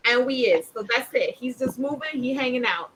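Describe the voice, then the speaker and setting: High, lively woman over a noisy mic. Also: a little fast. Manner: warm and encouraging, laughs often. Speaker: player. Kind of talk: casual tabletop game chat.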